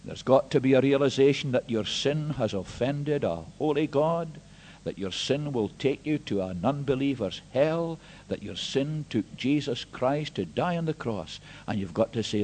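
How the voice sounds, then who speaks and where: A man pastor preaching an emphatic sermon, swinging between hushed and loud. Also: medium pitch, animated, normal speed, slight background noise. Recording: long hall reverb.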